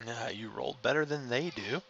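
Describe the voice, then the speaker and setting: A man who narrates as game master of a tabletop game, in a halting, descriptive way with fillers. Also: medium pitch, creaky, a bit bright, muffled recording.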